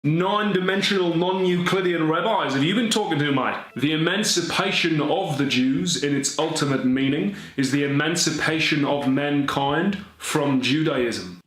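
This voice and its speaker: A man's voice: on the high side, moderate pace, hardly any pauses, fairly bright tone, reverberant, close to an everyday voice, rough recording. A man playing a dumb, boorish Australian drama YouTuber with an Australian accent in a comedy sketch, taunting and mock-aggressive.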